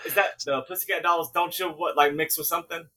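A man co-hosting a podcast, dropping quick joking remarks in casual chat. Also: a little high, steady tone, sharp tone. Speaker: podcast co-host.

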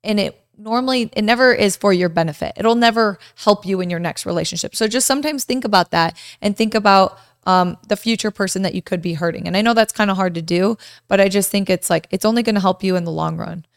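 A woman's voice: medium pitch, quick pace, creaky, smooth, no echo, studio quality. A young woman in her twenties co-hosting a couple's podcast, chatting casually and animatedly, telling stories with lots of "like". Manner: animated, storytelling with many "like"s. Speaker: podcast co-host.

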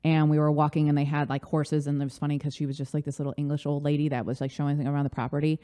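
A woman from the United States, a life coach chatting as a guest in an interview, animated and talkative, with lots of "like". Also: low-pitched, rapid-fire. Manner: chatty, animated storytelling with frequent "like". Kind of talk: casual interview chat.

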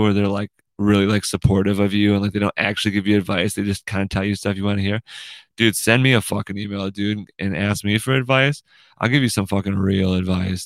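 Gravelly young guy, loose and profane. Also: fairly low pitch, a bit bright, no room sound. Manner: profane, rambling, ends lines with "dude" and "right?". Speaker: podcast host. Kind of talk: casual monologue. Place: room in his house.

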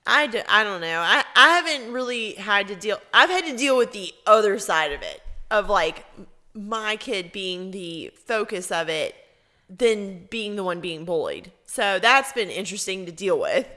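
A woman's voice: medium pitch, animated, normal speed, pushed and bright. A woman co-hosting a podcast, chatting casually and telling stories bluntly with lots of swearing. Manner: blunt, profane storytelling. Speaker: podcast co-host. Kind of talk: casual chat.

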